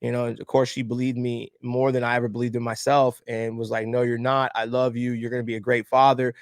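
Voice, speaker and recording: A man's voice: medium pitch, fast, dry recording, studio quality. A man, a podcast guest telling a personal story candidly and acting out the other voices. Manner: candid, animated storyteller, acts out quoted voices. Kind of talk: emotional storytelling interview.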